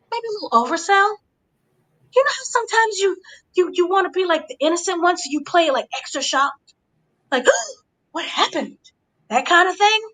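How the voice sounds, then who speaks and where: A woman hosting a casual wrestling review, animated and acting out the quotes with gasps and shrieks. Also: extremely high pitch. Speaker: show host. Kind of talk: casual wrestling recap chat.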